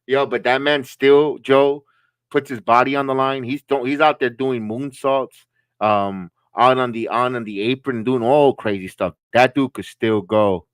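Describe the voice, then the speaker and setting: A man's voice: mid-range voice, fairly even intonation, unhurried, clear, resonant tone, no room sound. A man co-hosting a live watch-along stream, chatting casually and joking as he reacts to the matches. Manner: chatty, reacting with laughs and jokes.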